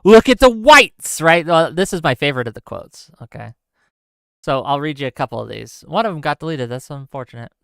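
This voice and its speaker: A man's voice: medium pitch, a little fast, vocal fry, fairly bright tone, clean tone, no echo. A man hosting a livestream, reading out chat comments and ranting in a sarcastic, exasperated way. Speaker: streamer host.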